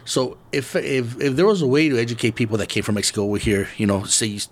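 A middle-aged man from East Los Angeles, hosting a casual podcast talk, laid-back and swearing freely as he thinks out loud. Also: mid-range voice, fast talker. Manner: laid-back and profane, muses aloud. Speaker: podcast host.

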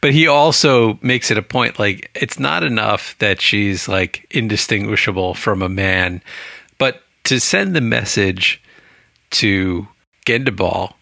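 Chatty low-voiced man, bright and dry. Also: unhurried, vocal fry, no room sound. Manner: chatty, rambling, laughs often. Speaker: book club podcast co-host. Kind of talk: casual book discussion.

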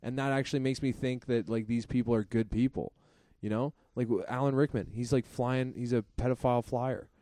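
A man's voice: medium pitch, fairly even intonation, brisk, hardly any pauses, warm tone, no echo. A man co-hosting a podcast in casual comedic chat, rambling, swearing and laughing easily. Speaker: podcast co-host.

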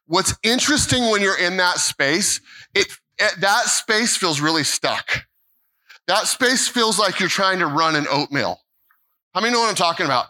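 A man's voice: high voice, expressive, moderate pace, bright, forceful tone, rough recording. A middle-aged American man preaching a sermon in a church, telling a story animatedly, with stammered restarts, repeated phrases and quoted dialogue. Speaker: pastor. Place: church sanctuary.

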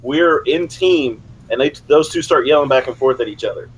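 A middle-aged man hosting an interview, a former player himself, telling stories with animated, high-voiced quotes. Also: normal speed, slight background noise, poor audio. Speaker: podcast host, former player. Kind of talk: casual interview.

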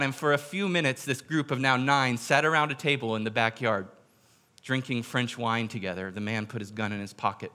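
A man, a pastor giving a sermon, retelling a story in a storytelling manner, going quiet for quoted lines and slowing down for emphasis. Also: medium pitch. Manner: drops quiet for quoted speech, slows for emphasis.

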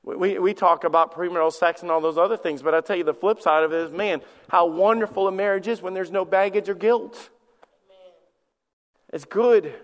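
A pastor in his forties delivers a sermon in a high, ringing voice. He often stammers over the first words of a sentence before pushing on into a personal story. The sound carries the long reverb of a church hall. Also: brisk. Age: 40s. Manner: repeats words when starting sentences, storytelling. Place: church sanctuary.

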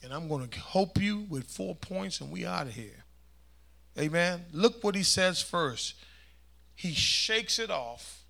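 Male pastor, high voice, call-and-response preaching that swings from loud to hushed. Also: animated, slow, vocal fry. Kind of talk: sermon.

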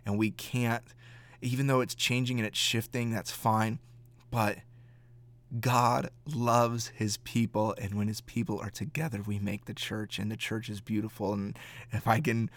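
Earnest low-voiced pastor musing on faith. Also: male voice, flat delivery. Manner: earnest, halting, with fillers and repeated words. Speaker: pastor and podcast host. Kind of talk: reflective podcast monologue.

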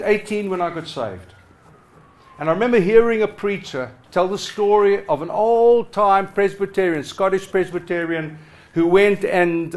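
Middle-aged pastor, male, fairly high voice, preaching with passion, loud then hushed. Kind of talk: sermon. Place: church hall with a congregation.

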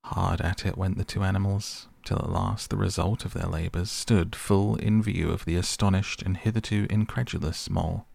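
A man narrating a storybook in a measured, steady reading voice. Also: low voice, gravelly, husky, no echo, studio quality. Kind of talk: audiobook narration.

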